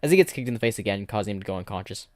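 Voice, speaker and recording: A man's voice: on the low side, expressive, racing, a little mellow. A man streaming and narrating an improvised fan story, rambling and restarting sentences.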